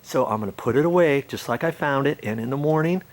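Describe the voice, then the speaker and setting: A man's voice: mid-range voice, fast talker. A man hosting a do-it-yourself video, explaining things in a plain, repetitive way and checking in with "okay?" as he works on a ladder outdoors. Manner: plain-spoken, repeats points and checks in with "okay?". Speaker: DIY video host. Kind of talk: casual how-to demonstration. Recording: roomy, distant, noisy outdoor recording.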